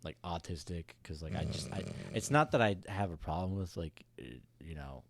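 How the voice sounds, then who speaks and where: A man's voice: low-pitched, lively intonation, normal speed, no room sound. Man, podcast co-host, casual chat, crude, rambling, lots of filler words, dry close sound. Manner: rambling, crude storytelling full of "like" and laughter.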